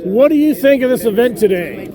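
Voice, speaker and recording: A man interviewing people outdoors on a busy city street, jokey and quick-witted. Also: very high-pitched, lively intonation, over music. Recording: crowd and traffic behind.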